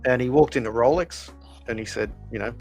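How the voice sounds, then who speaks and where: A man's voice: medium pitch, brisk, a little mellow, faint music behind, poor audio. A man, a podcast co-host, telling a long anecdote in casual chat with many fillers and restarts. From Australia.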